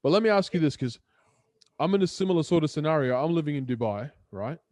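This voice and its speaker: A man's voice: on the high side, lively intonation, quick pace, a little mellow, no room sound. A man hosting a podcast, asking long rambling questions and laughing often. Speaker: podcast host. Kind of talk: casual podcast chat. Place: lives in Dubai.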